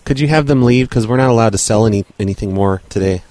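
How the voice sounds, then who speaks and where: A man posing as a caller from a corporate office, talking in a brisk, insistent, officious way. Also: lowish voice, a little mellow, close to an everyday voice. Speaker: prank caller.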